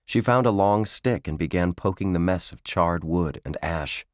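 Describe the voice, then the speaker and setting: A man narrating a children's book in a slow, measured storytelling manner. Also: deep voice, no echo, studio quality. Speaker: audiobook narrator.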